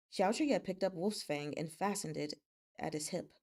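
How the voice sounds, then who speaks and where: A woman's voice: on the low side, lively intonation, moderate pace, mellow. A woman hosting a live read-aloud of a novel, narrating steadily and chatting in a giggly way with her listeners. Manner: giggly, chatty between readings. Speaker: narrator and live-stream host.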